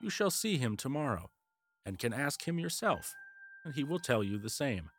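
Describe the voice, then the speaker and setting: A man reading aloud, voicing a scheming older male king in a storybook, speaking in a gentle, persuasive way. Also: mid-range voice, sing-song, moderate pace, soft background music. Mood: soothing.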